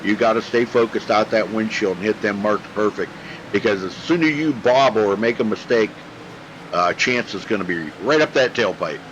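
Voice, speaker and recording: A man's voice: on the low side, animated, moderate pace, fairly bright tone, dull audio, a little hiss or hum. Folksy racing commentator man. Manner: folksy, chatty play-by-play. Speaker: race commentator. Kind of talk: sim racing broadcast commentary.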